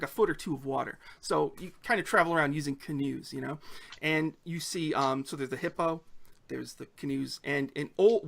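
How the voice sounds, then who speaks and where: Male game master, casual tabletop narration, gravelly bright voice, chatty with fillers. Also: fairly high pitch. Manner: loose, chatty, many fillers.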